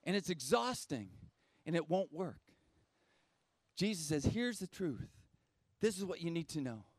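A male pastor preaching a sermon in a direct, conversational way, repeating key phrases and dropping low and slow for solemn moments. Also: very animated, slightly rough, dry recording.

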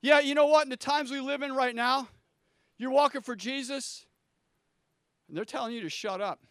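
A man preaching a sermon to a large church, swinging from quiet prayer to shouted lines. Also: very high-pitched, normal speed, clear, resonant tone, no room sound, studio quality. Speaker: pastor. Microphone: handheld microphone.

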